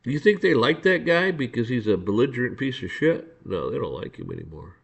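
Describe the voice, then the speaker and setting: Gravelly and breathy at the edges, his medium-pitched voice takes on a sing-song lilt at a brisk clip. The podcast host's monologue is a blunt, foul-mouthed rant full of stammered restarts, with him performing both sides of his clashes with officials.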